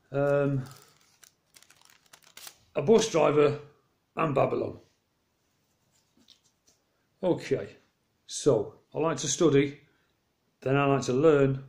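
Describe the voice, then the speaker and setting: A vlogger walking around outdoors rambles casually through stories from his day, animatedly acting out both sides of each exchange he quotes. His medium-pitched voice has a roomy sound.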